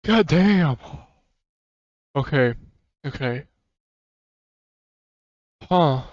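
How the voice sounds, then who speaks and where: A slightly high, mellow male voice with lively intonation moves very slowly through a rambling stream chat full of swearing and laughs. It's captured on a dry, somewhat muffled mic.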